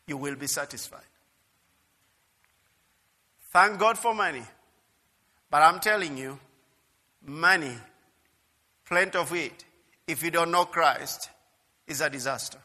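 A male pastor preaching a sermon emphatically, swinging from quiet asides to loud, repeated declarations. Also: on the high side, slow pace, long pauses, long reverb tail.

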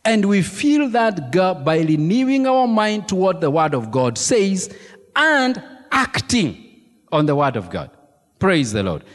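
Pastor guy preaching, high voice that swoops all over, lots of repeating and asking the crowd stuff, big hall echo. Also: unhurried. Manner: animated preaching with emphatic repetition and congregation questions. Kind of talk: sermon. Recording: long reverb of a large hall.

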